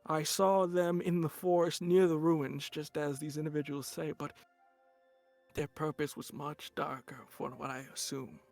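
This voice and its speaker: A man voicing an older male war general who gives slow, halting testimony full of pauses and fillers. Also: fairly high pitch, little pitch movement, gravelly, a little mellow, faint music behind. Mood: solemn. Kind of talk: tabletop game character voice.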